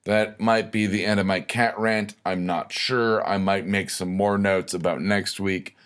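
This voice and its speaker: A man delivers a comedic rant at an unhurried, drawn-out pace. His voice sits on the low side, and he swears freely and leans into sarcasm as he wanders from point to point. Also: little pitch movement, a bit bright, clean tone. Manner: profane, sarcastic, rambling. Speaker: host of a weekly rant segment.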